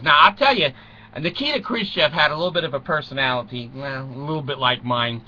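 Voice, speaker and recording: A man's voice: on the high side, brisk, pushed and bright, highs cut off. A man in his sixties from the United States, telling a rambling comic story and chuckling through his own jokes. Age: 60s.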